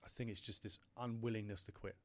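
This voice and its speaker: A man's voice: fairly low pitch, steady tone, quick pace. A British man in his thirties, a startup founder telling a hard personal story in an interview, emotional, with frequent restarts and swearing. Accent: British English.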